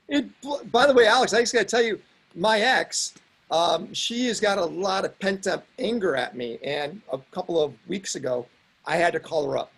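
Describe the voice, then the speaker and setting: A man hosting a casual talk show, telling stories in an animated way and laughing often. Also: high-pitched, normal speed, gravelly, husky, poor audio. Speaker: host. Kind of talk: casual chat.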